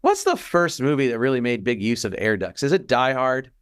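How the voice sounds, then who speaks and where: A man co-hosting a podcast in casual chat, animated and quick to act out quoted lines. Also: mid-range voice, clean tone, no echo, clean studio sound. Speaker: podcast co-host.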